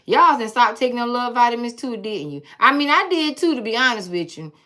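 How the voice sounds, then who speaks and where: A woman's voice: fairly high pitch, lively intonation, brisk, sharp tone. A woman giving a blunt, sassy tarot reading to her viewers, talking in a teasing, profane way. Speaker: tarot reader.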